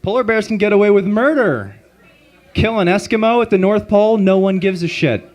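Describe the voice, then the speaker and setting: At an open mic on a club stage, a man does a stand-up set through a handheld stage mic, delivering deadpan setups and punchlines. His voice is high-pitched and brisk.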